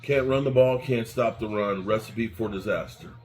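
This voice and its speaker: A man's voice: fairly low pitch, moderate pace, darkish tone. A man hosting a fan channel, delivering an angry, repetitive rant with swearing.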